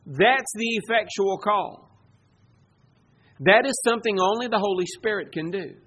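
A man preaching a sermon as pastor, swinging between loud emphasis and soft asides. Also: sits high, slightly rough.

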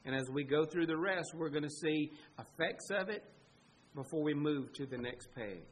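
A man's voice: a little high, normal speed, breathy edge, low-quality recording. A man preaching a sermon as pastor, earnest and emphatic, pleading with his listeners.

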